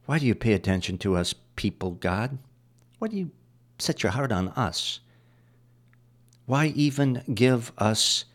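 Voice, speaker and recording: A man preaching a sermon, going through scripture verse by verse and driving points home with repetition. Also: medium pitch. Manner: explains verses line by line, repeating phrases.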